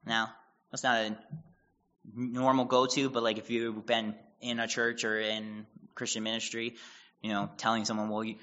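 A man's voice: on the low side, little pitch movement, moderate pace, a bit bright, lo-fi sound. A man as pastor giving casual Bible teaching, retelling scripture in a conversational way with quoted dialogue and asides.

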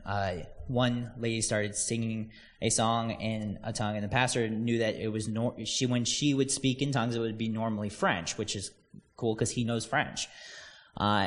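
A man's voice: lowish voice, long reverb tail. A man preaching a casual, conversational sermon, telling stories and acting out quoted voices.

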